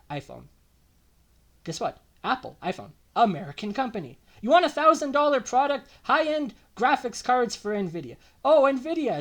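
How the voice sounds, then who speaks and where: A man's voice: very high-pitched, fairly bright tone. A young man from Alberta delivering a heated, emotional political rant, repeating himself and turning sarcastic. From Alberta, Canada. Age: young adult. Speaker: political vlogger.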